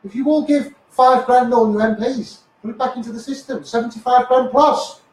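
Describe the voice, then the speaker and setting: A Scouse man with a very high voice rants angrily through a live stream. He swears, trips over repeated words and keeps coming back to "mate" and "you know". His voice sounds distant and bounces around an echoey room. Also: steady tone, normal speed, darkish tone. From Liverpool, England. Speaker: activist livestreamer. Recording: echoey room, voice far from the mic.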